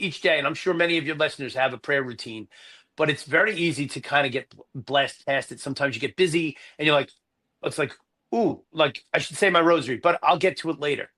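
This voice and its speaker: Casting: man in his fifties, bright forceful tone, raised pitch, animated storyteller. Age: 50s. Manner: animated, self-deprecating, many restarts. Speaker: Army chaplain and priest guest. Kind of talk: conversational storytelling.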